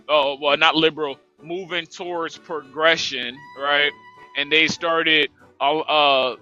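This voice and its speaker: A man's voice: a little high, sharp tone, dull audio. A man speaking on an online panel, stumbling at the start of thoughts and then explaining at length.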